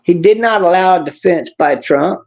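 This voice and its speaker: Blunt streamer, fairly high gravelly voice, reads chat and rants, dull lo-fi audio. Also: male voice, normal speed. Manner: blunt, angry, swears, talks back to chat. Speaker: livestream host reading chat. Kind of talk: casual political livestream rant.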